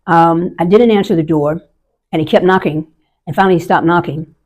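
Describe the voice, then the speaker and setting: A woman's voice: on the low side, fairly quick, a little mellow. A woman in her sixties, an army veteran, telling a personal story in a candid and emotional way. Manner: candid, emotional, vivid recounting.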